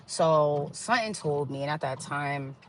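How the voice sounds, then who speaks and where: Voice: medium pitch, animated, a little slow, a bit bright, slight background noise. A podcast host giving a candid personal testimony, acting out the voices of the people in the story. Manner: candid, acts out quoted dialogue.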